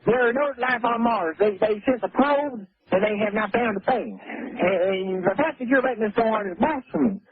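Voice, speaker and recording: A man's voice: high voice, normal speed, hardly any pauses, breathy edge, dry recording. A male radio caller ranting indignantly, accusing and stumbling over his words, heard over a telephone line. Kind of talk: call-in radio rant. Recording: tinny phone line on radio.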